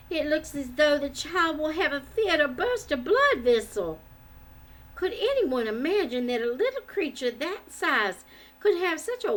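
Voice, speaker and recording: A woman's voice: sits high, a bit bright, pitched above the performer's own voice, exaggerated voice, rough recording. A woman voicing a gloomy, fretful village woman who groans and despairs. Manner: groaning, despondent.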